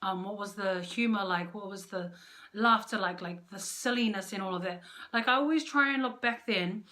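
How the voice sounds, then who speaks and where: A woman's voice: medium pitch, moderate pace, bright, forceful tone. A young woman chats to camera about her marriage in a loose, unscripted way. She is frank and playful, and often pokes fun at her own flaws. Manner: candid, playful and self-mocking. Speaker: vlogger. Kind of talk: casual advice chat to camera.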